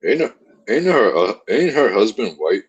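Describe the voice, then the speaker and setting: Co-host, male, husky lower voice, swings in pitch, crude banter. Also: sing-song, normal speed, muffled recording. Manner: profane, laughing reactions. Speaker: podcast co-host.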